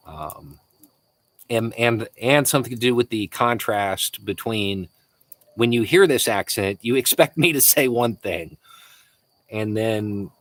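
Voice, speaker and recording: A man's voice: fairly low pitch, a bit bright, no echo. A man from Florida with a Southern accent hosting a casual live Q&A, answering viewer messages with frequent chuckles and hesitant restarts. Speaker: livestream host.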